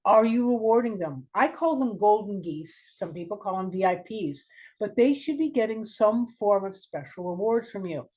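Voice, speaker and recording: A woman's voice: mid-range voice, lively intonation, moderate pace, a little mellow. A woman marketing consultant giving a webinar presentation, direct and emphatic, asking the listeners many questions. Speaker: marketing consultant, guest speaker.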